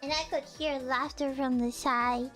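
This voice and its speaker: Squeaky, excitable young woman streamer. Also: unhurried, soft background music. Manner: excitable, exclaiming, self-mocking. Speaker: virtual streamer. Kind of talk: casual storytelling chat.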